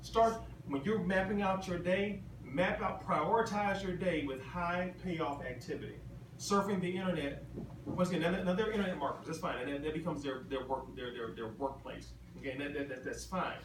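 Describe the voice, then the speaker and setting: In a large convention hall, a man with a slightly high voice speaks at a moderate pace, delivering an emphatic, repetitive motivational talk and throwing questions at the crowd. The distant recording is echoey, with ambient noise.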